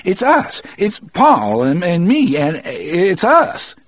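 A man voicing a frightened young male prison guard with a hissy little voice, pitched well above his own. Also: expressive, fairly quick, slightly rough, no echo. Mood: panicked.

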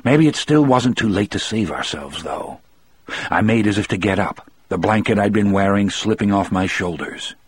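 A man narrating an audiobook in the first person, measured and grim. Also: lowish voice, animated, breathy edge.

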